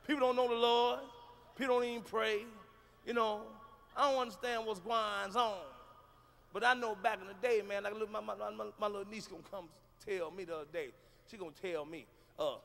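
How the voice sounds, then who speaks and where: A man doing a loud, profane, animated stand-up comedy routine on a live stage. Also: sits high, fairly quick, vocal fry.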